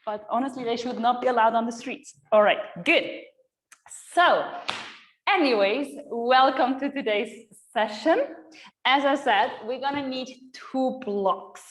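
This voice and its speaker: A woman's voice: on the high side, measured pace, slight background noise. A woman in her thirties, a yoga teacher chatting with her online class, rambling and laughing often at herself.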